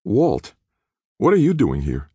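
A man voicing a brash, reckless young man who speaks loudly and defiantly. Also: fairly high pitch, huge pitch swings, moderate pace, slightly rough, no room sound, pitched above the performer's own voice, exaggerated voice.

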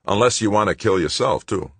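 A man doing a gruff blunt officer. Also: on the low side, a little fast, no room sound, pitched above the performer's own voice.

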